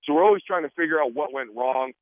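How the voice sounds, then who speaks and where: Animated football player on a phone line. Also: male voice, fairly high pitch, fast talker, dry recording. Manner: animated, joking, acts out quotes. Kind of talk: casual radio interview.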